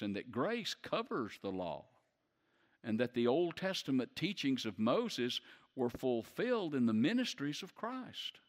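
A man's voice: mid-range voice, big-room sound. A man preaching a sermon who puts questions to the congregation and builds to emphatic peaks. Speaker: pastor.

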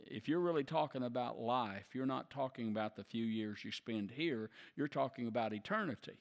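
Man, pastor, emphatic sermon delivery, long reverb of a big hall. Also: medium pitch. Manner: emphatic, slows down for stress.

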